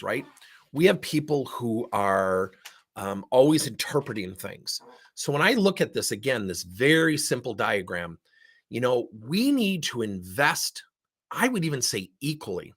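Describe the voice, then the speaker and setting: A man giving a leadership keynote talk, emphatic and animated, acting out conversations as he goes. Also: fairly high pitch, slightly rough. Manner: animated, emphatic, acts out dialogue. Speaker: leadership speaker.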